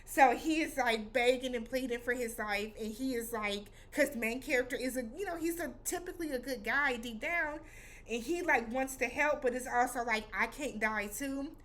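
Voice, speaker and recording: A woman vlogger retells an episode in a loose, chatty way, full of slang and acted-out reactions. Her voice sits slightly high and stays animated throughout. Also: normal speed. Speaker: vlog host reviewing a TV episode. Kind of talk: casual recap vlog.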